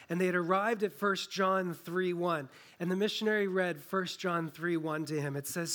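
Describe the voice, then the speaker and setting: A man preaching a sermon, earnest, often dropping soft and low on key phrases. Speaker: pastor.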